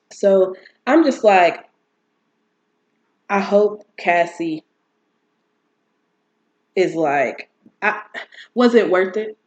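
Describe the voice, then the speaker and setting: A woman hosting a casual solo podcast, talking in a chatty, animated way with many fillers and restarts. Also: lowish voice, dull audio. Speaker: podcast host.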